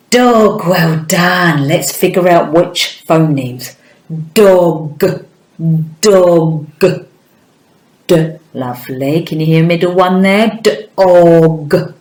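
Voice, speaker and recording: Slow sing-song woman phonics teacher. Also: lowish voice, animated, roomy sound, rough recording. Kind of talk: early-years phonics lesson.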